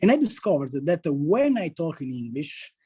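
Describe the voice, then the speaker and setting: A man of forty-one with a strong Sicilian Italian accent, speaking English as a second language and giving a presentation as a district governor, often halting and correcting himself. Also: a little high, sing-song, mellow, slightly rough, poor audio. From Sicily, Italy. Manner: halting, with frequent restarts and self-corrections. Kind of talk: presentation to an online meeting.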